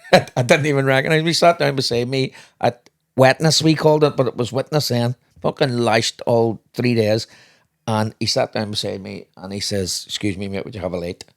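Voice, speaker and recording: A man's voice: mid-range voice, steady tone, moderate pace, gravelly. A man co-hosting a podcast, telling rambling anecdotes in casual chat and swearing freely. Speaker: podcast co-host, father.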